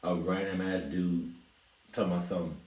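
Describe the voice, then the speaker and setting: A man's voice: low voice, level tone, moderate pace, a little mellow. A young man hosting a reaction video, blunt, profane and incredulous in casual commentary. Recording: roomy, distant mic.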